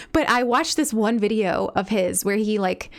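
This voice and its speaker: A woman from Eastern Long Island with a Long Island accent, chatting casually on a live stream while gaming, rambling and breaking into excited squeals. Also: medium pitch. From Eastern Long Island, New York. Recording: game music playing faintly behind.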